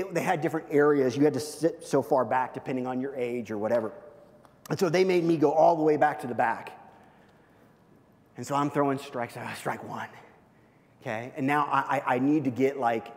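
Guy preaching a story, mid voice, goes soft and hushed at the tender bits, big hall echo. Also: mid-range voice. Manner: animated storyteller, drops to a hushed near-whisper at tender moments. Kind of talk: storytelling sermon. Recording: long hall reverb.

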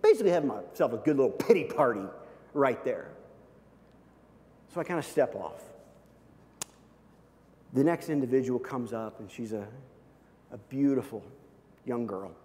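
A man preaching through a story, lively at times and dropping to a hushed near-whisper at the tender moments. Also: medium pitch, moderate pace, long pauses. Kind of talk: storytelling sermon. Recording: long hall reverb.

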